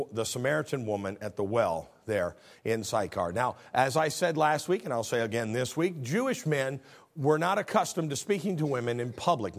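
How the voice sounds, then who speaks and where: A middle-aged male pastor giving a sermon, building to emphatic, raised passages and then dropping low and soft. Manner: leads a call-and-response scripture reading.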